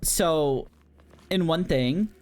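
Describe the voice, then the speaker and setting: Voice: mid-range voice, very slow, a little mellow, slight background noise. A streamer chatting casually with viewers while playing a horror game, talking directly to the chat and giggling often.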